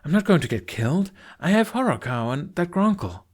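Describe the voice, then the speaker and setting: A man's voice: high voice, big pitch swings, a little fast, pitched above the performer's own voice. A man voicing a large, nervous young Viking man who speaks eagerly and gets flustered. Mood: defensive.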